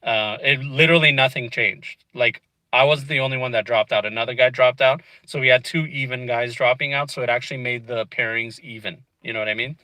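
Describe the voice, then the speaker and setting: A man's voice: medium pitch, steady tone, fairly quick, pushed and bright, dry recording, low-quality recording. A man vlogging from inside a car, casually telling a frustrating story and peppering it with "dude" and "you know what I mean.".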